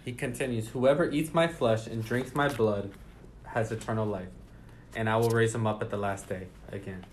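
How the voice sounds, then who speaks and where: A man's voice: fairly low pitch, fairly even intonation, moderate pace, slight background noise. A man leading a casual Bible study, reading passages aloud and then explaining them in his own words. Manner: reads scripture aloud then explains it conversationally.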